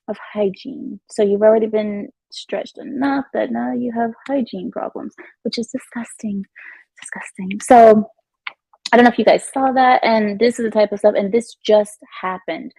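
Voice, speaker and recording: A woman's voice: medium pitch, creaky, warm tone, husky, no echo, poor audio. A woman giving chatty, emphatic commentary on her vlog at home. She often repeats herself and laughs. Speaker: vlogger. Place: at home in her new house.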